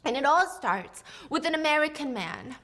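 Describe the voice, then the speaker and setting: High-voiced bubbly woman vlogger. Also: big pitch swings, moderate pace, fairly bright tone. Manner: bubbly and playful. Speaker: video creator. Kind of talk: chatty vlog talk.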